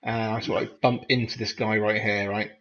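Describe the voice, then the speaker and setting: A man's voice: fairly low pitch, level tone, brisk, fairly bright tone. A man playing a tabletop game, playfully describing his character's actions over a dull, lo-fi microphone with faint noise.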